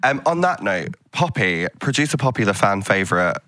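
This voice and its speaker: A man's voice: fairly low pitch, sing-song, moderate pace, pushed and bright, dry recording. A man hosting a podcast in casual, slangy and playful chat. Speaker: podcast host.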